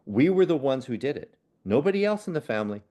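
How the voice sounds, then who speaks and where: A man, a spiritual medium and podcast guest, telling personal stories in an earnest, unhurried way. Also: medium pitch, big pitch swings. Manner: earnest, unhurried, with soft laughs and restarts. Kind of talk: reflective personal storytelling in a podcast conversation.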